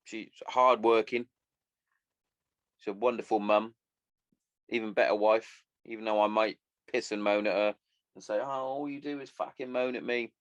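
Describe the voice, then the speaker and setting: A man's voice: fairly low pitch, fairly even intonation, normal speed, long pauses, clear, resonant tone, no echo, muffled recording. A man in his thirties hosting a solo podcast, rambling and swearing casually as he chats. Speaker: podcast host.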